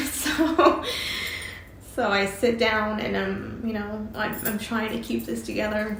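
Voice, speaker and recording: A middle-aged woman telling a personal story, halting and emotional, with many fillers and restarts. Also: mid-range voice, fairly even intonation, vocal fry, a bit bright, reverberant, slight background noise. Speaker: vlogger telling her story.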